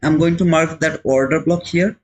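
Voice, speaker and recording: A man's voice: fairly high pitch, fairly even intonation, normal speed, poor audio. A man hosting a live trading stream, chatting casually and answering viewers' comments, with frequent repeated words. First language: not English. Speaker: trading livestream host.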